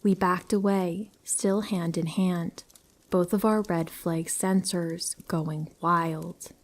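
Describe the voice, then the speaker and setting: A woman reading a true horror story aloud, in a calm, measured storytelling manner. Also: on the low side. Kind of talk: scripted story narration.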